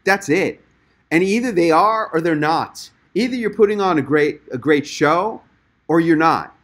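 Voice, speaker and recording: A man's voice: fairly high pitch, expressive, moderate pace, fairly bright tone. A man hosting a webinar and coaching speakers with emphatic, enthusiastic encouragement.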